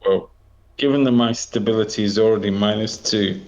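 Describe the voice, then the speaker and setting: A man's voice: fairly low pitch, a little fast, darkish tone. A man playing a tabletop game, asking blunt, eager questions. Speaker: player. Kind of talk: casual tabletop play. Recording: dull lo-fi recording.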